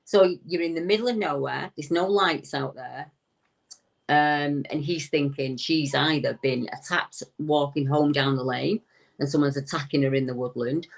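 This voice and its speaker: A woman with a deep, low-set voice tells a story as an interview guest. She relays a witness's account in a conversational way and slips into his quoted words to act them out. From United Kingdom. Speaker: guest recounting a witness's encounter.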